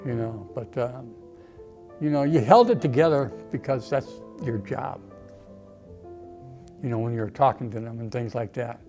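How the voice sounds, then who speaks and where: A man's voice: medium pitch, measured pace, pauses often, darkish tone, faint music behind. An older man, an Army veteran, reminiscing emotionally in a documentary interview, often saying "okay" and "you know".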